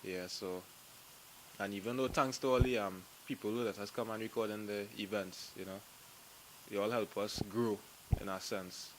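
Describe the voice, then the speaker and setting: Low-key man, noisy recording. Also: steady tone, normal speed. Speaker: group member.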